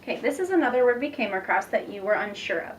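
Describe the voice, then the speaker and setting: A young woman teacher demonstrating a reading lesson, patient and encouraging, speaking slowly and clearly. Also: medium pitch, expressive. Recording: distant mic with faint background noise.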